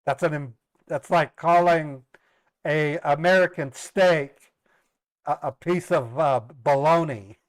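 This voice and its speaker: A man's voice: fairly high pitch, slow, clean tone, no echo. A middle-aged man casually telling family stories on a livestream, rambling, repeating words and laughing at his own jokes. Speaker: live streamer and scambaiter.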